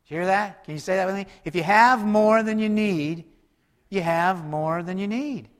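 A man preaching a sermon as pastor, conversational and lively, with quick asides and call-and-response to the congregation. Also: high-pitched, long reverb tail.

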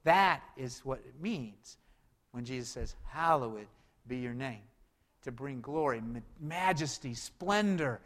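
A man's voice: mid-range voice, animated, slow, fairly bright tone. A man preaching a sermon, building emphasis and asking the listeners rhetorical questions. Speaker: pastor. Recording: long hall reverb.

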